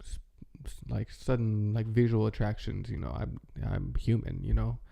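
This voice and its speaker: Male vlogger, casual rambling chat, very gravelly, dark and mellow. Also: fairly low pitch, fairly even intonation. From American Midwest. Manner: rambling, halting, with many fillers and restarts. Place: home, with his dog nearby.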